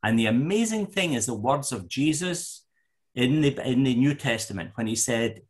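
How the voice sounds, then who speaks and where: An older man with a Scottish accent giving an enthusiastic, halting lecture to a parish group as a guest speaker. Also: medium pitch, expressive. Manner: enthusiastic, halting with fillers and restarts.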